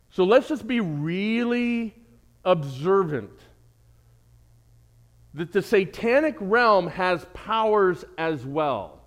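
Lively animated male preacher. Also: sits high. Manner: animated preaching with jokes and asides. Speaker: pastor. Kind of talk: sermon.

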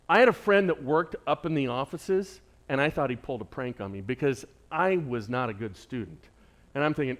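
A middle-aged man, a pastor, preaching a sermon and telling family stories, swinging from loud, forceful passages to quiet, joking asides. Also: medium pitch.

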